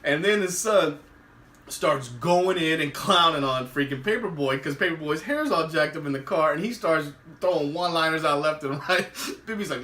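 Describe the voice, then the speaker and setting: Male host, high bright voice, casual episode recap, animated, roomy sound, distant mic. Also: moderate pace. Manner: animated, laughs often, acts out quotes. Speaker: podcast host.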